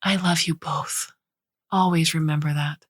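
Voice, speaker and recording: A woman voicing a gentle robot stand-in for a loving mother, speaking softly and partly in a whisper. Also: low voice, fairly even intonation, unhurried, no echo, clean studio sound. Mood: pleading. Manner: soft, tender, partly whispered.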